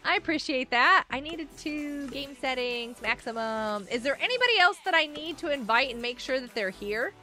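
A woman's voice: high-pitched, animated, normal speed, few pauses, pushed and bright, soft background music. A woman hosting a casual gaming livestream, chatting with viewers, giggling often and reading out chat messages. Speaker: livestream host.

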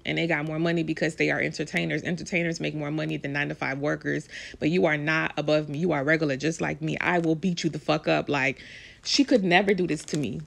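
Gravelly-voiced woman ranting about gossip. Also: sits low, a bit bright. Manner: blunt, profane, emphatic ranting. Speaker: vlogger commenting on celebrity news. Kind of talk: casual celebrity gossip commentary.

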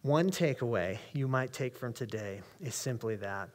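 A male pastor with an American accent, preaching a conversational sermon in a church and reading scripture slowly with emphasis. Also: medium pitch, animated. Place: church sanctuary.

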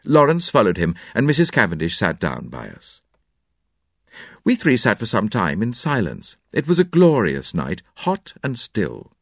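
Low, animated male storyteller. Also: unhurried, gravelly, breathy edge, no room sound, clean studio sound. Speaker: narrator. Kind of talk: audiobook narration.

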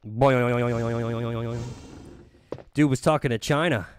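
Over game music, a Philly-area streamer rambles, jokes and curses heavily while playing, sometimes humming to himself. His mid-range voice has fairly even intonation and drawn-out words, with a little hiss or hum in the audio.

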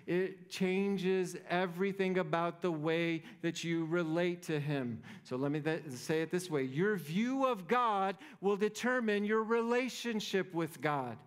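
A man's voice: high-pitched, a little slow, hardly any pauses, clean tone. A man preaching a sermon as pastor, conversational and playful, often checking in with the congregation. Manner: conversational, playful, keeps asking "right?".

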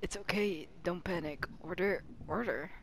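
A young woman gaming with a teammate, swearing often and swinging between tense whispers and panicked yelling. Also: fairly low pitch, a little slow, a little hiss or hum. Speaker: gamer. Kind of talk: live gameplay chat with a teammate.

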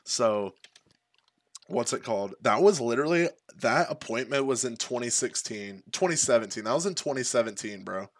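A man's voice: medium pitch, lively intonation, normal speed, no echo. A young man tells a long, crude story off the cuff, rambling and padding every thought with fillers. His voice sits in an ordinary middle register. The sound is close and dry, with no room around it. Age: young adult. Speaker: streamer. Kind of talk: casual storytelling.

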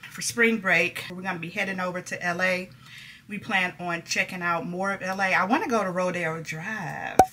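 Chatty woman vlogger, low voice. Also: pushed and bright. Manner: chatty, laughs often, folksy slang. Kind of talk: casual chat to camera.

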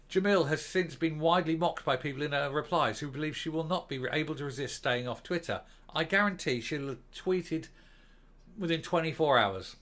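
A man's voice: fairly high pitch, pushed and bright. A man delivering a scornful, sarcastic commentary monologue as a vlog host. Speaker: commentary vlogger.

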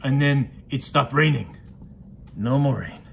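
A man's voice: mid-range voice, a little slow, vocal fry, fairly bright tone, a little hiss or hum. A man voicing a friendly male monster puppet who tells a Bible story to a child in broken, simple grammar. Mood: playful.

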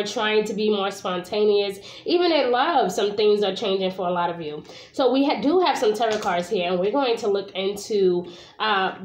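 A woman from Brooklyn, New York, giving a casual tarot reading to camera, chatty and informal, swearing now and then and often asking "okay?". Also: medium pitch. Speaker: tarot reader. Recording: echoey room.

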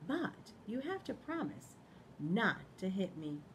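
A woman doing a gentle little bunny. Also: medium pitch, sing-song, takes it slowly, noisy background. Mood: kind. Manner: gentle, reassuring. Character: kind, calm little bunny. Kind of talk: picture book read-aloud.

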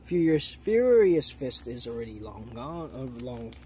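A man's voice: medium pitch, big pitch swings, unhurried, warm tone, slight background noise. A man with the hiccups doing chatty, easily delighted commentary while opening trading card packs and thinking aloud. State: has the hiccups. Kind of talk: casual unboxing commentary.

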